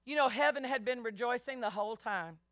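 A woman pastor preaching a sermon, animated, acting out biblical voices and calling the congregation y'all. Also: on the high side, brisk, no room sound, studio quality.

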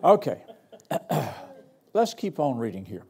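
Older man, guest preacher, mellow dark tone, folksy humorous sermon in a church. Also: mid-range voice, big pitch swings, unhurried. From Arkansas. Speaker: guest pastor.

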